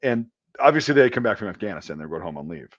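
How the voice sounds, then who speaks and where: A man in a loose, profane storytelling flow, rambling through a long anecdote with plenty of "like" and "um". His voice sits mid-pitch and comes through dull and dry. It sounds like lo-fi online call audio from home. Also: big pitch swings, racing, no echo. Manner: profane, rambling anecdotal delivery with many fillers. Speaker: podcast host. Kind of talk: casual storytelling chat.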